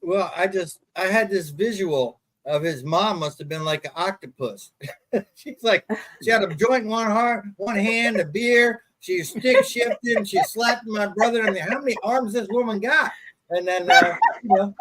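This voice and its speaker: A man's voice: high voice, expressive, measured pace, noisy background. A man, a show participant, talking loosely and amused over a video call.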